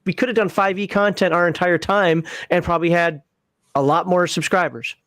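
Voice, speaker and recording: A man with a Minnesotan accent hosts a casual call-in show, his voice sitting a little high. He rambles, restarts and corrects himself mid-thought, and the sound is dry and close to the mic. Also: steady tone, fairly bright tone, dry recording. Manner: rambling, self-correcting, quick to laugh. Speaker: livestream host.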